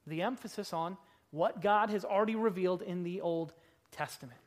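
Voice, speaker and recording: A woman preaching a sermon in a church service, swinging between loud, forceful lines and hushed ones, and slowing down to stress key words. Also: mid-range voice.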